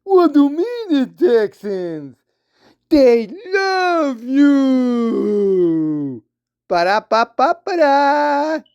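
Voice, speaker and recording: Woman, sarcastic heckler, very slow drawled delivery, dark tone. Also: on the high side, very animated, clear, resonant tone, highs cut off. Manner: mock-dim, drawn-out, sarcastic. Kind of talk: sarcastic mocking interjections.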